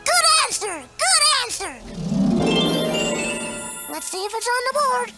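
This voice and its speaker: A man's voice: very high voice, very animated, measured pace, loud music behind the voice, heavily acted. An actor playing a silly young cartoon boy who puts on a game-show voice. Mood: goofy. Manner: goofy, game-show announcer bits. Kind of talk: cartoon voice acting.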